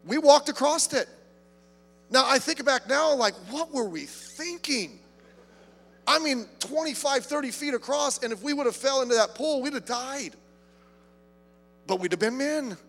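Pastor, male, high-pitched, emphatic sermon delivery in a reverberant church hall with faint music. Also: animated, unhurried, long pauses, fairly bright tone. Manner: emphatic, repeats words when starting phrases.

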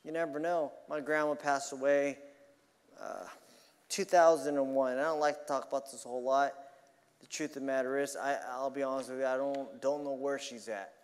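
A man preaching a sermon earnestly, swinging between loud emphasis and quiet, confiding asides. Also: mid-range voice, steady tone, normal speed, long reverb tail.

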